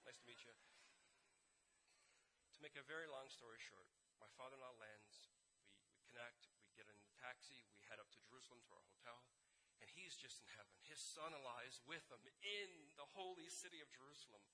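A man from Canada preaching through a personal story, acting out dialogue and swinging between loud and hushed. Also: mid-range voice, slight background noise, low-quality recording. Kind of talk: storytelling sermon.

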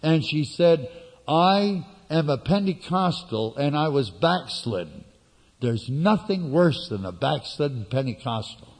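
Preacher guy telling his story slow, goes loud then real quiet, kinda high voice, big echoey hall. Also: very animated. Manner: storytelling with dramatic shifts between loud and hushed. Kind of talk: sermon with personal testimony.

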